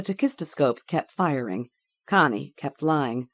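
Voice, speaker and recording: Slow, low-voiced woman narrating. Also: expressive, no room sound. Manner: measured, grim, deliberate. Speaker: audiobook narrator. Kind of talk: scripted audiobook narration.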